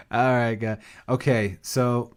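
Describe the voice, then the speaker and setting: Slow-talking, sleepy man podcasting alone. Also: mid-range voice, darkish tone. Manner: rambling, loses his train of thought, laughs at himself. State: sleep-deprived and foggy. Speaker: podcast co-host. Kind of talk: casual podcast monologue.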